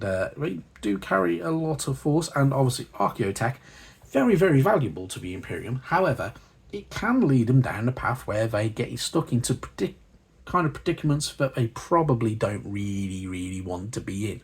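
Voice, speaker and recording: A man's voice: on the low side, animated, normal speed, breathy edge. A man hosting a hobby channel, casually reviewing a magazine and reading passages aloud, chatty and rambling between the reading and his asides.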